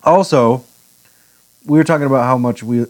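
A man's voice: medium pitch, normal speed. A man co-hosting a casual podcast chat, rambling through stories and acting out quotes with laughs. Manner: rambling, lively retelling with put-on quotes and laughs. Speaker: podcast co-host.

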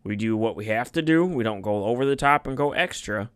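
A man's voice: mid-range voice, lively intonation, fairly quick, smooth. A young man co-hosting a casual podcast. He rambles and swears, often stopping partway through a sentence to start it again. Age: young adult. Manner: rambling, profane, restarts mid-sentence. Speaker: podcast co-host. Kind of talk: casual chat.

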